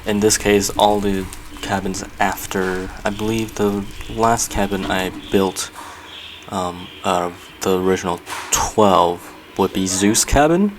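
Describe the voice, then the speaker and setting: A man's voice: deep voice, takes it slowly, background noise. A man hosting a casual building video, chatting loosely and thinking aloud with frequent fillers and self-corrections. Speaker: Minecraft builder and channel host. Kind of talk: casual gameplay commentary.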